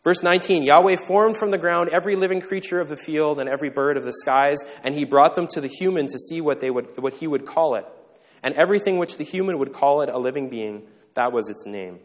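A male pastor giving a conversational sermon, joking in quick asides and checking in with the congregation. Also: on the high side. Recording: long reverb in a large hall.

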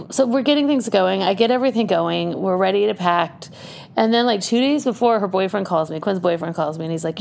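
Gravelly, chatty woman telling a story. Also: medium pitch, a little fast, a little mellow. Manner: chatty, laughs often while telling. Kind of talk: casual personal storytelling.

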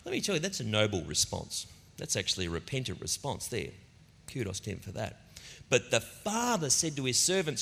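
A middle-aged man preaching a sermon as a pastor, telling stories in an animated, conversational way. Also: mid-range voice, brisk, gravelly, husky. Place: church auditorium. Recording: long reverb of a church hall.

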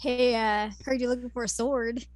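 A woman co-hosting a podcast, chiming in with quick quips during an anime recap. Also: a little high, steady tone, dry recording. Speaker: podcast co-host. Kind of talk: casual anime recap chat.

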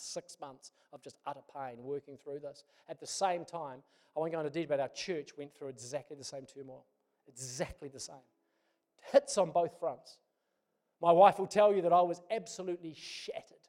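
A middle-aged pastor delivers a sermon built around a personal story. His voice sits a little high for a man, and he talks in a relaxed, conversational way with touches of self-deprecating humor.

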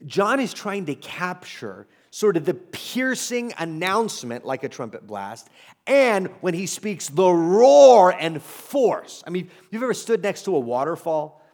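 A man's voice: high-pitched, sing-song, measured pace, darkish tone. A pastor preaching a sermon to his congregation, conversational and emphatic, with asides and humor.

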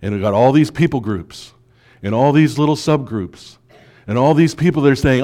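A male pastor preaching a sermon, asking the congregation rhetorical questions and swinging between hushed asides and emphatic lines. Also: mid-range voice, moderate pace.

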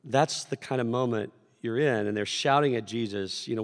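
A man preaching a sermon to his congregation, conversational and animated, acting out shouted lines as he tells stories. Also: mid-range voice, normal speed. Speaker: pastor. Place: church sanctuary. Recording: long hall reverb.

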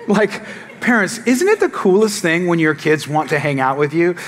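A middle-aged man preaches with a lively, swinging delivery and a slightly high voice. He tells jokes and stories and calls out to his congregation for a response. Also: moderate pace. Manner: animated, joking storytelling to the congregation. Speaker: pastor. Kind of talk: sermon.

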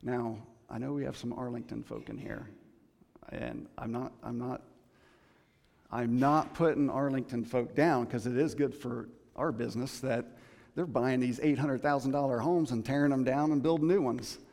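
A man's voice: mid-range voice, steady tone, moderate pace, vocal fry, a little mellow, in a large hall. A man preaching a sermon in a conversational, joking way, with many restarts.

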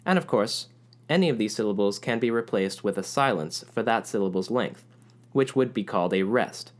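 A man narrating a music lesson in a clear, explanatory way, now and then chanting rhythm syllables aloud. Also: fairly low pitch, expressive, moderate pace. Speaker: music teacher.

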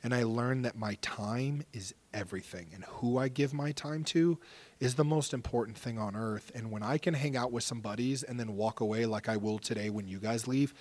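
A man's voice: medium pitch, normal speed, darkish tone. A man in his thirties telling stories as a podcast guest, earnest and openly emotional, swearing casually. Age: 30s. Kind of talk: casual storytelling interview.

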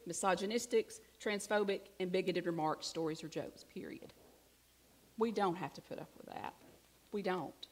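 A middle-aged woman from Alabama with a Southern accent, preaching a sermon in a conversational, self-deprecating storytelling way with hushed asides. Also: lowish voice, moderate pace. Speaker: pastor.

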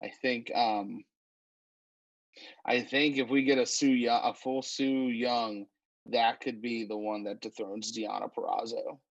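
Slow-talking man recapping wrestling. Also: medium pitch, steady tone, vocal fry, no echo, lo-fi sound. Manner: unhurried, many fillers and restarts. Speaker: wrestling podcast co-host. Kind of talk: casual chat recapping a wrestling show.

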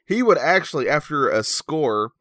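A man's voice: fairly high pitch, very animated, normal speed, a bit bright, dry recording, clean studio sound. A man co-hosting a podcast in casual chat, telling a story in an easygoing, self-deprecating way with lots of fillers. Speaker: podcast co-host.

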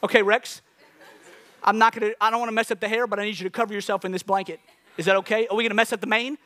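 A man preaching a sermon to his congregation, animated and joking with the crowd between points. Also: high-pitched, rapid-fire. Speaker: pastor. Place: church.

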